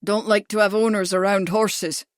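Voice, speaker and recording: A woman voicing a gruff, brusque male horse trainer who speaks curtly, in an audiobook. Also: mid-range voice, steady tone, normal speed, dry recording, clean studio sound, close to an everyday voice. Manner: brusque, curt. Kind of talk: audiobook character voice.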